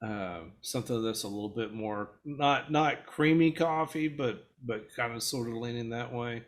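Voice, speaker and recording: A man co-hosting a casual podcast, chatting about cigars and throwing in quick wisecracks. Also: medium pitch. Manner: quick wisecracks, laughs easily. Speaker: podcast co-host. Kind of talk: casual chat.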